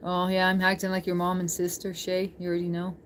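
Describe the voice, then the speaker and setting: A woman's voice: on the low side, monotone, quick pace, a little hiss or hum. A woman live-streaming, chatting casually with her viewers, laughing often and reading chat aloud.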